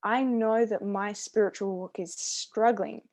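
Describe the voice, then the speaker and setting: A woman's voice: mid-range voice, steady tone, measured pace, darkish tone. An Australian woman co-hosting a church podcast, speaking earnestly and enthusiastically about faith. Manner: earnest, enthusiastic, repeats words. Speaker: podcast co-host. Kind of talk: casual faith discussion.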